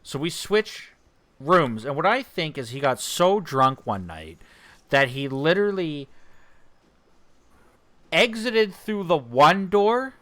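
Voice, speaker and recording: Man, gaming chat, bright forceful voice, rambling, restarts, swears. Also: fairly high pitch. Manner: excitable storyteller, many restarts and swearing. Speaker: let's play co-host.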